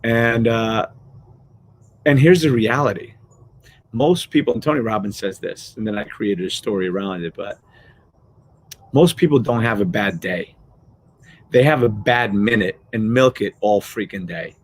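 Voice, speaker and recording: A man's voice: lowish voice, unhurried, long pauses. A middle-aged man hosting a motivational live show, talking casually and animatedly, swearing freely and acting out everyday scenes.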